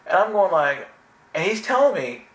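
A man's voice: high voice, moderate pace. Earnest man telling a spiritual story, echoey room. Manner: earnest, animated storytelling with many restarts. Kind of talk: personal spiritual testimony.

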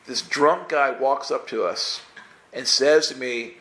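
Speaking slowly in a mid-range voice, a man tells a church group a funny story about himself. He's animated and chuckles as he acts out what he was thinking.

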